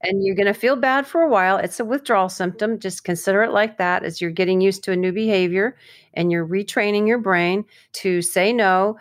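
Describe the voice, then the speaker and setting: A woman talking in a casual advice chat, with a voice sitting in the middle of the usual female range. She is lively and animated, and her pitch lifts sharply whenever she acts out someone else's words. She sounds like a coach sharing practical tips with her co-hosts. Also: fairly quick. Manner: animated, acts out quoted speech in a higher voice.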